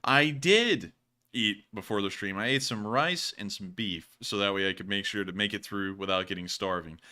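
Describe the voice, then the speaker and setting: Bright-voiced man hosting a news stream. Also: lowish voice, moderate pace. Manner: rambling, conversational, many fillers. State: sore throat, about to cough. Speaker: host. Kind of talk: livestream news chat answering viewer questions.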